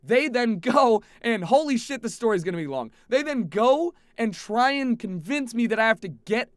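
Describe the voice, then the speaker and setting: A young man with a high, bright voice recounts a travel mishap, swearing freely and swinging from exasperated near-shouts to quiet grumbles. He sounds close on a headset, in a dry room with no echo. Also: moderate pace. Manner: animated, profane, swings from exasperated shouting to low mutters. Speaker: streamer telling a travel story. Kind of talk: casual storytelling to camera.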